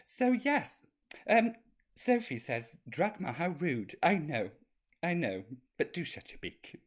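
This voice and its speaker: A man's voice: a little high, huge pitch swings, slow. A man hosting a live-streamed chat show as a cheeky camp drag grandmother, reading out viewer comments in a chatty, naughty way. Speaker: drag host playing a grandma.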